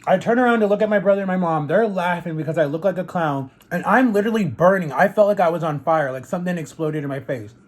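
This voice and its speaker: A man's voice: high-pitched, quick pace, hardly any pauses. A man vlogging in a casual, rambling storytelling way while he eats, leaning heavily on fillers like "like" and "literally.". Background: eating on camera between sentences.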